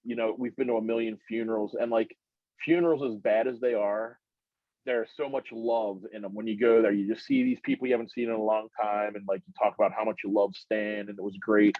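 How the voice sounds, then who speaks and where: On a podcast, a middle-aged male guest tells a long, rambling personal story in a casual way, and his pitch climbs much higher as he gets worked up. He talks a little fast and stays animated. The recording is muffled and dry.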